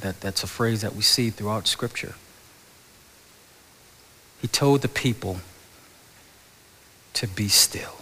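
Pastor preaching softly in a reverberant hall. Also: male voice, mid-range voice. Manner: conversational, repeats words, drops to a whisper on key phrases. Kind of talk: sermon.

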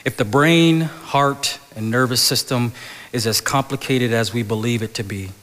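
A man's voice: medium pitch, moderate pace, fairly bright tone. A man preaching a conversational sermon as a pastor, often repeating his words and dropping to a whisper on key phrases. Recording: long hall reverb.

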